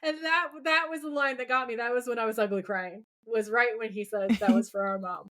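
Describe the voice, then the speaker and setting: A woman's voice: on the high side, fairly even intonation, fairly quick, bright, forceful tone. A young adult woman co-hosting a podcast, effusively retelling TV scenes by quoting the dialogue. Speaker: podcast co-host. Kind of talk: casual recap chat.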